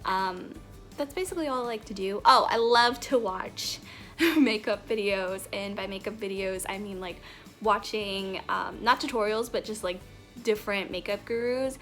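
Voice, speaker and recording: A woman's voice: medium pitch, moderate pace, a bit bright, soft background music. A woman in her twenties chatting casually to camera in a get-to-know-me vlog, bubbly and giggly, rambling from topic to topic. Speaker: vlogger. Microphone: camera mic, talking to camera.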